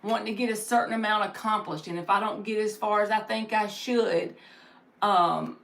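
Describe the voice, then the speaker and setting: A woman's voice: medium pitch, fairly even intonation, moderate pace, vocal fry, a bit bright. A woman hosting a live tarot stream, chatting casually and giving encouraging spiritual advice with plenty of fillers.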